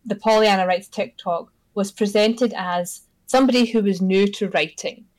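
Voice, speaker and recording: A woman's voice: mid-range voice, normal speed, darkish tone, rough recording. A woman co-hosting a casual podcast chat, telling a story in an exasperated, sweary way. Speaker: podcast co-host.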